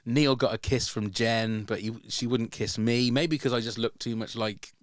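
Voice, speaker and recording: A podcast host tells a story in loose, casual chat, circling back and repeating himself as he goes. His voice sits at an everyday pitch, and the sound is dry and close, with no room around it. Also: fairly even intonation, moderate pace, dry recording. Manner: rambling, with many restarts and repeated words.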